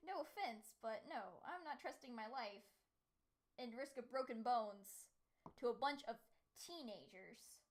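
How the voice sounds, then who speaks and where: A young woman on a casual podcast, telling stories in an animated way, full of "like" fillers and squeaky quoted voices. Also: measured pace. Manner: animated storytelling with many "like" fillers, high-pitched quoted voices. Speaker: podcast co-host. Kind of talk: casual chat.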